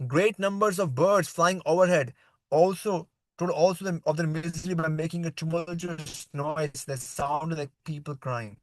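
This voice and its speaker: A man's voice: a little high, moderate pace, no echo, rough recording. A man teaching a scripture class, reading a devotional story aloud and then explaining it in plain words. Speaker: spiritual teacher.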